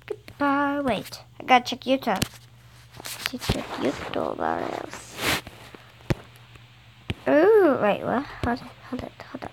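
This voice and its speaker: High, excitable gamer girl, noisy phone audio. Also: takes it slowly, creaky, long pauses. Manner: excitable, dramatic, talks to viewers. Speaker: gaming channel host. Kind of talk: let's-play commentary. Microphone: phone screen recording.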